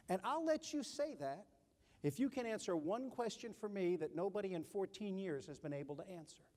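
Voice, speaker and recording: Middle-aged guy giving a leadership keynote, pretty high voice, big hall echo, animated storyteller. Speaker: keynote speaker, army officer. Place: large conference hall. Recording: long hall reverb.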